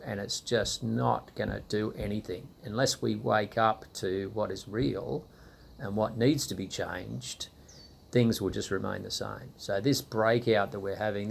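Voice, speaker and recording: A man's voice: lowish voice, gravelly, a little hiss or hum. A man, a church leader giving a casual, exasperated preaching talk and rambling with lots of "you know"s.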